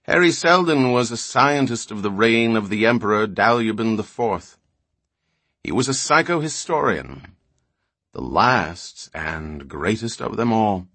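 A grave, patient old scholar lays out his history in calm explanations, as a man reads him in an audiobook. The voice is lowish and the sound close and dry. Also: measured pace, no echo, full character voice.

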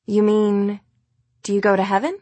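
A man voicing a gentle, protective young woman who reassures a child in a soft, even voice in an audiobook. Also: high-pitched, normal speed, no echo, pitched above the performer's own voice. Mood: soft reassurance. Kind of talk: audiobook character voice.

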